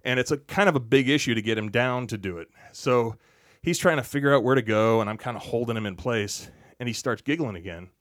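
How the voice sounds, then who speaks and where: A man's voice: mid-range voice, brisk, no room sound. Chatty man telling a story, dry sound. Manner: relaxed, chatty anecdote-teller with frequent asides. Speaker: podcast guest, actor and stuntman. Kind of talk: casual storytelling on a podcast.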